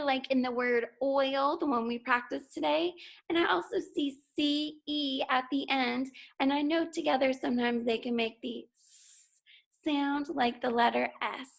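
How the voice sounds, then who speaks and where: Slow, gravelly-voiced woman teaching phonics. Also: high-pitched. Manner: slow, clear, encouraging; sounds out words. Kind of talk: phonics lesson for young children. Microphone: recorded for school TV.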